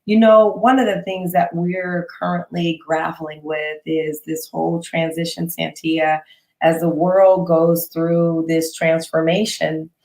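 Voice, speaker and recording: A woman's voice: on the low side, level tone, slow, a little mellow. A woman hosting an interview, effusive and gushing as she asks her questions. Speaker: interview host. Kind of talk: casual interview chat. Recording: echoey room.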